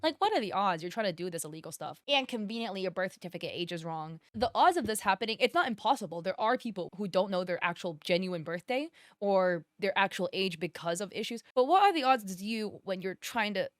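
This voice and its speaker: A woman's voice: medium pitch, lively intonation, a little fast, hardly any pauses, no room sound, clean studio sound. A woman giving drama commentary, blunt and exasperated, who swears freely and explains at length. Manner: explains at length, rising emphasis. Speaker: commentary youtuber.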